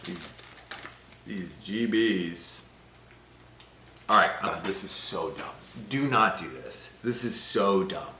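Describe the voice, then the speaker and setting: Young male vlogger, slow and fretful delivery, echoey room, faint noise behind. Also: low voice, expressive, bright, forceful tone. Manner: talks to the camera in short, fretful bursts. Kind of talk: casual video blog. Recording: roomy echo, faint background noise.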